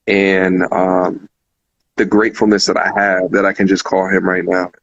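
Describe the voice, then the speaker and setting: Earnest low-voiced man hosting a call-in show. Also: little pitch movement, normal speed, gravelly. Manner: earnest, repeats phrases, many fillers. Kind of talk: casual heartfelt talk. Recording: muffled lo-fi recording.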